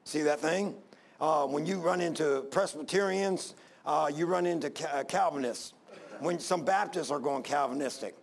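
A man preaching with a gravelly, creaky voice set a bit high. He talks in a folksy, rambling way, stopping and restarting often. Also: normal speed. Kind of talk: sermon.

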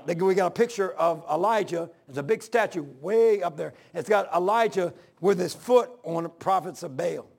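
A man's voice: sits high, vocal fry, breathy edge. A man preaching a sermon, rambling between scripture readings and asides.

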